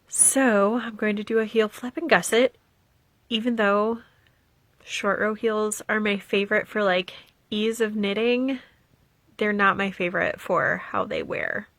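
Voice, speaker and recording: A woman's voice: mid-range voice, steady tone, unhurried, a bit bright, no echo. Chatty woman in a dry room. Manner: chatty and rambling, with many "um"s and asides. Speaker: knitting vlogger. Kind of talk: casual knitting vlog chat.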